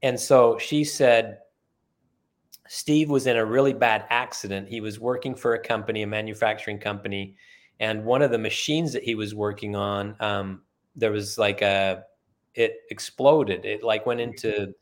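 A man's voice: on the low side, steady tone, moderate pace. A middle-aged man telling a story in conversation as a guest, acting out the quoted dialogue in earnest. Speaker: podcast guest.

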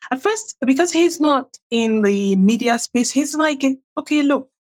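A woman's voice: high voice, expressive, unhurried, darkish tone. A middle-aged woman from Nigeria, a writer, telling her own story and acting out what others said in a raised, livelier voice. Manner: acts out quoted people with a raised, livelier voice. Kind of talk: animated personal storytelling.

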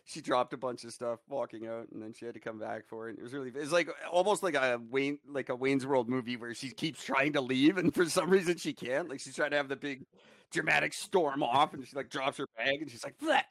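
A man's voice: mid-range voice, fairly quick, fairly bright tone, no room sound. A man co-hosting a podcast, telling profane, joking stories in casual chat. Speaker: podcast co-host.

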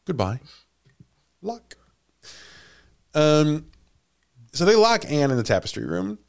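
A man telling a story on a comedy podcast, animated and quick to laugh at his own asides. His voice sits slightly high and swings widely in pitch. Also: vocal fry, clear, resonant tone.

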